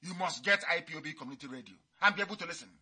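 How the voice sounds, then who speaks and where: A man's voice: on the high side, expressive, very fast, bright, forceful tone, slightly rough. A man giving a fiery, mocking radio address, repeating his points. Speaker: radio broadcaster.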